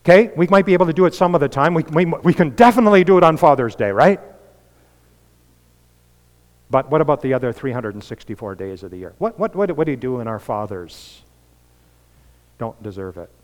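A man preaching a sermon as pastor, earnest, building to emphatic peaks and dropping to soft, quiet lines. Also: on the high side, animated, quick pace. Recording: long reverb of a large hall.

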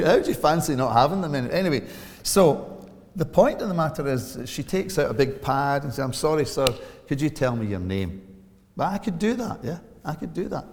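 Scottish preacher guy telling stories, voice jumps up and down, big echoey church. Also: darkish tone. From Scotland. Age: 40s. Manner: storytelling with big swings of pitch and volume. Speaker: pastor. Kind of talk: sermon.

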